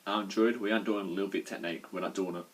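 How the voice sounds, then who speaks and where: Husky, foul-mouthed mocking man. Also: low-pitched, fairly even intonation, rapid-fire. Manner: crude, mocking, swears freely. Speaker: album reviewer. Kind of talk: casual chat.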